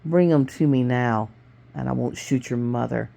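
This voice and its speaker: A woman reading a book aloud, voicing a nervous male mugger in a low, gruff, threatening voice. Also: normal speed, warm tone.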